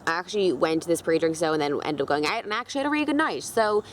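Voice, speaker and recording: A woman's voice: on the low side, expressive, rapid-fire, slight background noise. A young woman, casually telling a dating story to camera, full of fillers and swearing. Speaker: beauty vlogger.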